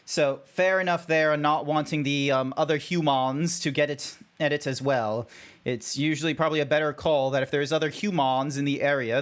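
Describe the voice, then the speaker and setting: An Australian man streaming as a VTuber, chatting casually and rambling with many fillers and restarts. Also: medium pitch. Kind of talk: casual livestream chat.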